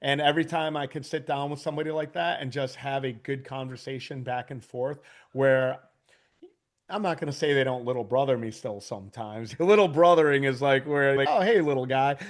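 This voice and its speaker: A man's voice: mid-range voice, fairly quick. A man in his forties talks as a podcast guest in a loose, casual way. He tells stories with lots of animation, laughs often and swears freely. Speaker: podcast guest, business owner. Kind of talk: casual storytelling.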